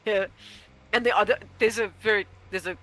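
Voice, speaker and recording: A woman's voice: medium pitch, fairly even intonation, brisk, fairly bright tone. An Australian woman chatting casually on a game stream, telling anecdotes and acting out other people's lines. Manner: chatty storyteller, acts out voices in anecdotes. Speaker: streamer and co-host.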